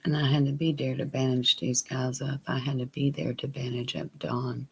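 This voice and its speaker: A man telling a personal story on his vlog, plain and unhurried, sometimes dropping to a near whisper. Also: mid-range voice, flat delivery, vocal fry, a bit bright, slightly rough. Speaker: vlogger.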